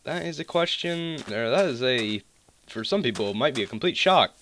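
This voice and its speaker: A teenage boy with a fairly deep voice and a mild Southern accent mixed with Californian, rambling through casual gameplay commentary from his desk on a cheap microphone. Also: lively intonation, normal speed, fairly bright tone, slight background noise. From US, California and South Carolina. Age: mid-teens. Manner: rambling, digressive, joking asides. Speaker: gaming channel host. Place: at home at his computer desk. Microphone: cheap desktop microphone.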